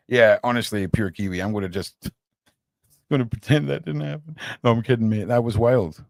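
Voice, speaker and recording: A creaky, medium-pitched male voice at a moderate pace, with no echo. He hosts a casual livestream podcast, addressing viewers animatedly as "mate" and swearing casually at times.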